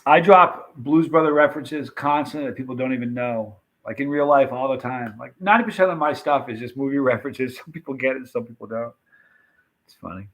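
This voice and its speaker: A man hosting a casual live stream, reading viewer comments and rambling excitedly about old movie scenes. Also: mid-range voice, fairly quick. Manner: chatty, rambling, animated retelling of movie scenes.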